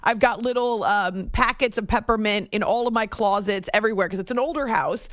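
A woman's voice: medium pitch, brisk, a bit bright, no room sound, studio quality. A woman from the Southern US hosting a talk radio show, chatting and laughing as she reads listener messages. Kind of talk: casual sports talk radio chat. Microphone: studio microphone.

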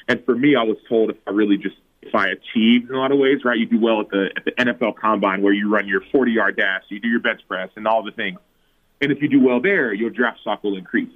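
A man in his thirties, a former pro football player, telling a personal story as a podcast guest and acting out his own past words. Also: fast talker. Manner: animated, acts out his own past words with big pitch jumps. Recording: phone-like narrow audio.

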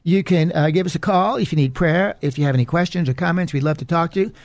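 A man's voice: fairly high pitch, fast talker, no echo. A man hosting a preaching program, delivering an earnest, emphatic warning message. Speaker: radio preacher and host. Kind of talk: preaching monologue.

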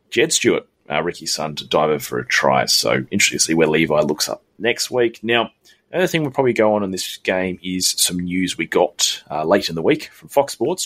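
A man's voice: deep voice, a bit bright. A man, co-hosting a sports podcast, steadily leading the segments and the news. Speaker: podcast co-host. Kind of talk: casual sports chat.

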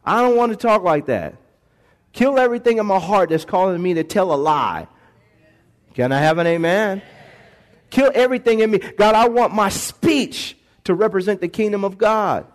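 High-voiced preacher man, swinging loud and soft. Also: moderate pace. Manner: call-and-response preaching, shifts from soft to shouted. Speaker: pastor. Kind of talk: sermon. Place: church sanctuary. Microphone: handheld or stand microphone.

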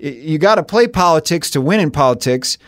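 A man in a relaxed political podcast chat, his voice on the higher side and recorded dry and close. He talks in a chatty, teasing way and laughs often. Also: a little fast, dry recording. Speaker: podcast co-host, editorial board member.

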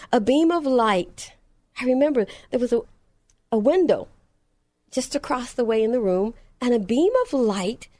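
A woman's voice: high voice, no room sound. A middle-aged woman telling a personal testimony story in an earnest, emphatic way, repeating phrases for effect.

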